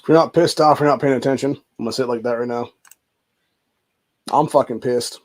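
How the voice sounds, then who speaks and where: A man's voice: medium pitch, fairly even intonation, a little fast. A man hosting a livestream, ranting angrily with constant cursing and saying "dude" a lot. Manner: angry, heavy cursing, says "dude" often. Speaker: show host. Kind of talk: profane livestream rant.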